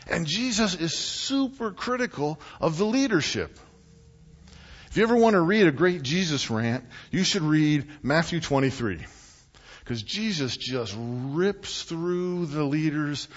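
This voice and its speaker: Male preacher, higher voice with lively swings, talks to the church like a friend, lo-fi church recording. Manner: animated, conversational, rhetorical questions to the congregation. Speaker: pastor. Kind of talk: sermon.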